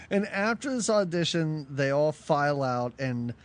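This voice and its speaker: Podcast cohost ranting about an old movie, voice jumping all over the place, snarky, laughs a lot. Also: medium pitch. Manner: animated, sarcastic, laughs often. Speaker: podcast co-host. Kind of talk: casual movie-review chat.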